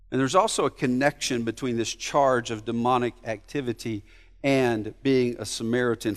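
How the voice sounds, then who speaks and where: A man preaching an expository sermon, rising to loud emphatic peaks and dropping to hushed low asides, often repeating words as he restarts a phrase. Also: big-room sound. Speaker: pastor.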